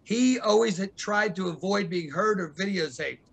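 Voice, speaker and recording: A man hosts a casual interview, jumping in with comments and laughing along. His voice runs high with a gravelly edge. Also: moderate pace, fairly bright tone. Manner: chatty, laughs often, interjects. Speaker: host.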